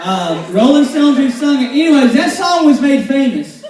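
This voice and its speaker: A man's voice: very high-pitched, moderate pace. A man preaching a casual, joking sermon to a youth group in a church hall. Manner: joking, loud and animated, teasing the sound crew. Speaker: youth pastor. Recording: echoey hall, voice far from the mic.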